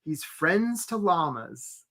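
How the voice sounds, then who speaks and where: A man's voice: fairly high pitch, takes it slowly. Chatty man hosting a live webinar. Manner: lively, chatty, greets viewers from the chat by name; tells stories to make his points.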